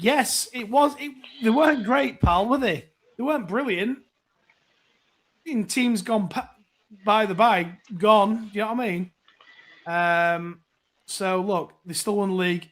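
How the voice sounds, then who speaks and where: A chatty man with a rather high voice hosts a casual live phone-in. He rambles along as he reads out viewer comments, filling gaps with ums and asides. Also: a bit bright. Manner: chatty and rambling, many fillers. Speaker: host reading viewer comments.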